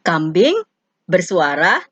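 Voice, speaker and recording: A woman teaching animal words, pausing between phrases and mimicking animal calls in squeaky tones. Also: big pitch swings, fairly bright tone, slightly rough, no room sound, muffled recording. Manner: slow and deliberate, imitates animal calls in high squeaks. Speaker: language teacher. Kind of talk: bilingual vocabulary lesson.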